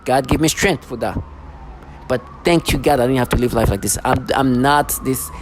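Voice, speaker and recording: A man's voice: mid-range voice, normal speed. A man speaking in an emotional, repetitive rant, recorded outdoors on a city street. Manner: emotional, repetitive, mocks others in put-on voices. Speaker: vlogger. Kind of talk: agitated personal rant. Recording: faint street noise, vehicles.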